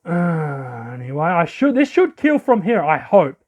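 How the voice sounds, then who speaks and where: A man giving excitable, casual commentary while playing a game. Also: a little high, unhurried. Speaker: let's play host. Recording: lo-fi audio.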